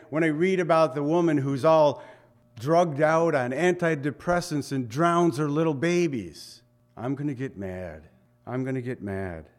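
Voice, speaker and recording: Here a pastor with a mid-range male voice preaches conversationally, his sermon shifting between emphatic, loud bursts and quieter side remarks.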